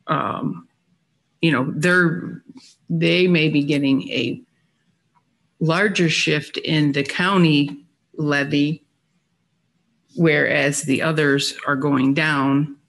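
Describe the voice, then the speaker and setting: A county official walking a meeting through tax figures, halting with many fillers and self-deprecating asides. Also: mid-range voice, creaky, fairly bright tone. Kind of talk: meeting presentation.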